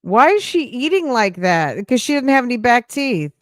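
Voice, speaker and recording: Casting: woman, streamer host, sharp mocking reactions, dry close sound. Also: on the high side, very animated, normal speed, dry recording. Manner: blunt, mocking, talks back at the clip. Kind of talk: casual reaction commentary.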